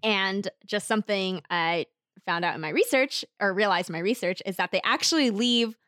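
A young woman co-hosting a casual recap podcast, giggly and animated, jumping up high for quoted lines. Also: moderate pace, no echo, studio quality. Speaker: podcast co-host.

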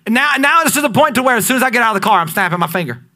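A man in his thirties, a pastor preaching a sermon, shifting between loud emphatic peaks and hushed, drawn-out lines. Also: very high-pitched, expressive. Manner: dynamic preaching, swings between loud peaks and near-whispers.

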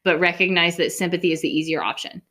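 Candid, earnest lower-voiced woman therapist. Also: steady tone, fast talker, a bit bright. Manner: candid, swears casually, earnest. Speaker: therapist and podcast co-host. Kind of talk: casual podcast chat.

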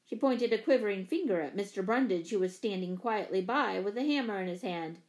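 A woman narrating a children's story aloud, with expressive shifts in pitch and volume. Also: brisk, hardly any pauses. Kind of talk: storybook reading.

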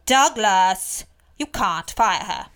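An actress playing a firm, bright-voiced manager. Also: female voice, medium pitch, animated, slow pace, smooth.

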